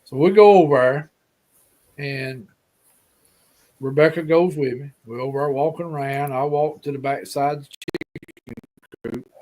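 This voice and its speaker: Alabama-accented male guest, folksy rambling storyteller, voice on the higher side. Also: fairly even intonation, measured pace, long pauses, darkish tone. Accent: Alabama Southern. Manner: folksy, rambling, repeats himself. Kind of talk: casual storytelling.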